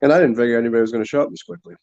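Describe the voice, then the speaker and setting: Racing along in a gravelly, slightly mellow medium-pitched voice, this livestream host rambles and laughs as he eats and drinks, often with his mouth full. The audio is lo-fi.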